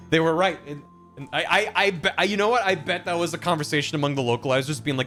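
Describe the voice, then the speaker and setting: Swearing, animated male game streamer. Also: on the high side, quick pace, soft background music. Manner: animated, swears often, self-mocking. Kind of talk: casual game commentary.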